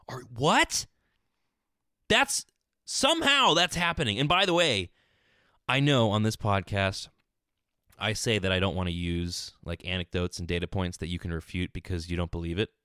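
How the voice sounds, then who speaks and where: Brief: male podcaster ranting solo, lively swinging pitch, dry close closet sound. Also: no room sound. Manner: animated, exasperated storytelling. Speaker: podcast host. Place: small closet.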